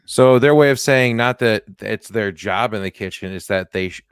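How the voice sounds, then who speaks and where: Low-voiced man joking on a podcast, dry close mic, casual banter. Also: moderate pace, clear, resonant tone, dry recording. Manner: jokey, restarts often, swings into loud silly voices. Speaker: podcast co-host. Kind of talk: casual comedic chat.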